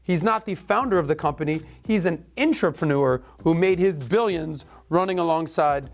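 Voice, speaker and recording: A middle-aged man hosting a podcast, giving a casual rapid-fire rundown with breezy, joking asides. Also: on the high side, animated, gravelly. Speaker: podcast host.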